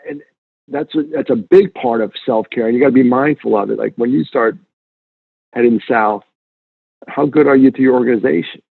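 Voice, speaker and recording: Earnest husky man on a tinny line. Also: medium pitch, fairly quick, no room sound. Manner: earnest, animated storyteller, emphatic repetition. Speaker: guest speaker. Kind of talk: conversational interview. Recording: tinny phone-line sound.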